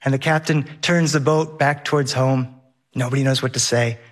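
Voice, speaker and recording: A man telling a lively personal story on stage, vivid and laughing along the way. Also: medium pitch, moderate pace.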